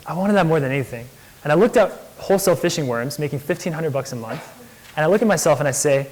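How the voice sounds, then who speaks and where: Young man, slightly high voice, enthusiastic, chatty, casual lecture to students. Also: expressive, quick pace, darkish tone, rough recording. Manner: enthusiastic, chatty, many "like" fillers. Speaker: entrepreneur guest speaker. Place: lecture hall.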